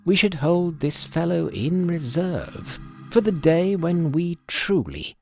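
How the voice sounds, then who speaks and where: A man's voice: on the high side, big pitch swings, takes it slowly, vocal fry, a little mellow, soft background music, pitched above the performer's own voice, exaggerated voice. A man voicing a brilliant older male detective who explains in a precise, authoritative way. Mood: assured.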